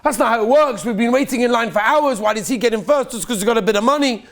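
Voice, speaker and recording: Rabbi, man, high voice, lively teaching storyteller who swells to near-shouts. Peppers English with Yiddish. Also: fast talker. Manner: animated storyteller, rising to near-shouts at peaks; mixes Yiddish and Hebrew terms into English. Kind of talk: Purim sermon with storytelling.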